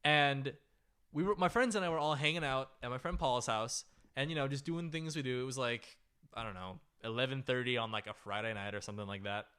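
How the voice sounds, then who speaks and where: A man hosting a comedy podcast, telling a story in a loose, animated way with lots of "like" and "right?". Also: mid-range voice, a little fast, smooth. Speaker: podcast host.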